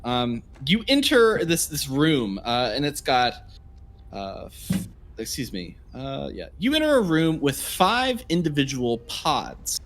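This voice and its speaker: A man's voice: fairly high pitch, huge pitch swings, a bit bright, slight background noise. A man narrating a tabletop game as game master, casual with many fillers. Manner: casual, filler-heavy, halting.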